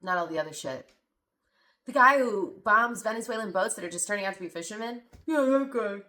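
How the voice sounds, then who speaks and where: A woman's voice: medium pitch, brisk, pushed and bright. Sarcastic, indignant woman podcast host. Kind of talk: reaction commentary.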